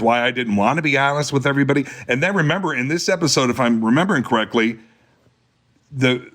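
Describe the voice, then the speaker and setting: A middle-aged man, an actor guest on a podcast, talking casually and telling stories. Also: mid-range voice. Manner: storytelling, animated in anecdotes. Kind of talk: casual chat.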